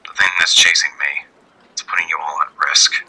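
A man's voice: a bass voice, steady tone, breathy edge, exaggerated voice. A man doing a guilt-ridden giant captain. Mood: guilty, hushed. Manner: hushed and halting. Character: towering guilt-ridden male ship captain. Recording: phone-like lo-fi line.

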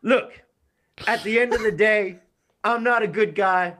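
A man's voice: sits high, bright, forceful tone, pitched above the performer's own voice. A man on a video call from a bathroom playing a swaggering wrestler in a mock promo, trash talking. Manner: swaggering trash talk, drawn-out delivery. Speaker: fantasy league commissioner. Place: bathroom, door shut.

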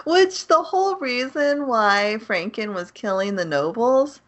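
A woman's voice: a little high, expressive, a little slow. A woman co-hosting a podcast, recapping an anime in casual chat, matter-of-fact with giggles. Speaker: podcast co-host.

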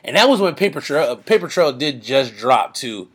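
A man's voice: medium pitch, sing-song, moderate pace, slightly rough. A man hosting a podcast in laid-back, slangy casual chat, breaking down rap verses with his co-host.

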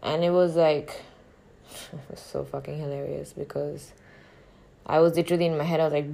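A woman's voice: low voice, fairly even intonation, moderate pace, creaky, dark tone. A woman, an actor telling a personal story in a frank, reflective and profane way. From northern India.

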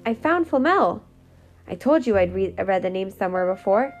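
A woman's voice: medium pitch, normal speed, a little mellow, soft background music, lightly acted. Harry, read by a woman, earnest schoolboy. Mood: excited. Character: brave young schoolboy wizard.

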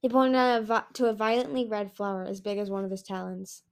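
A woman reading a fantasy novel aloud in a lively, expressive way. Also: mid-range voice, fast. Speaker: audiobook reader. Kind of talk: storybook reading.

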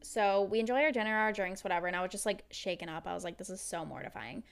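Fast-talking, smooth-voiced woman podcaster. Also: mid-range voice. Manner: animated storyteller, swears freely. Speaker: podcast co-host. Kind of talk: casual storytelling chat.

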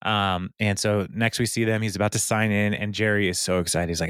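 A man's voice: fairly low pitch, fairly bright tone, clean tone, no echo, clean studio sound. A man co-hosting a casual podcast, recapping a TV episode and acting out the characters' lines. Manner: retells scenes with quick quoted voices and laughs. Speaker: podcast co-host.

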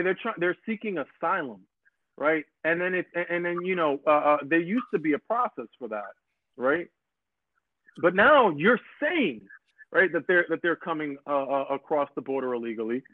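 Man, podcast host, rambling, repeats himself, fairly high voice, dry close sound. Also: no echo. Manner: animated, rambling, repeats words, mimics others in quotes. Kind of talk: casual podcast chat. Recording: dry phone-like audio.

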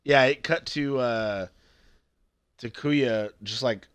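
A man's voice: mid-range voice, slow, clear, resonant tone, no room sound. A young man casually recapping an episode with a co-host, swearing a lot and acting out the scenes. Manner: profane, excitable, acts out scenes with voices. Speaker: podcast co-host recapping an anime. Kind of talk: casual chat.

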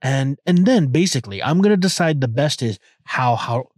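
With a mid-range, slightly mellow voice, this young podcast host talks animatedly at a moderate pace from his car. His solo show is rambling and irreverent, full of jokes and restarted sentences, recorded at studio quality with no room sound.

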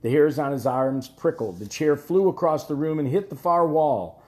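A man narrating an audiobook in a measured storytelling voice that drops quiet at tense moments. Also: a little high, roomy sound. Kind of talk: scripted narration.

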